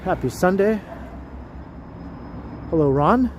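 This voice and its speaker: A man's voice: high-pitched, expressive, takes it slowly. A man hosting a walking livestream outdoors downtown, chatting casually with viewers and laughing often. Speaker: livestream host. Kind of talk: casual live-stream chat. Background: city traffic.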